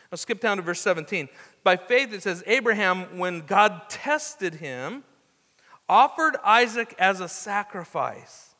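Bright-voiced male preacher in a hall. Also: high voice. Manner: conversational preaching with frequent restarts and asides. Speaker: pastor. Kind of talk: sermon.

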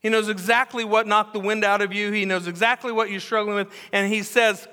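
A man preaching a sermon as pastor, telling the story with animation, repeating phrases for emphasis and dropping to hushed tones. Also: sits high, fast, few pauses. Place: church sanctuary. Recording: long hall reverb.

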